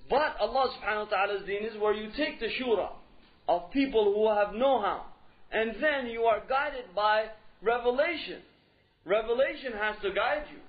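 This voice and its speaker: High-voiced man giving an emphatic lecture. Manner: emphatic, repeats key phrases, rhetorical questions. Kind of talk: religious lecture. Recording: dull lo-fi recording.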